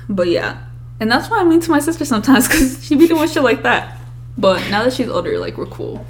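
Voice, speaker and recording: A young woman co-hosting a podcast, telling childhood stories in a casual, profane, animated way. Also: high-pitched, normal speed, pauses often, slight background noise. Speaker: podcast co-host. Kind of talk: casual storytelling chat.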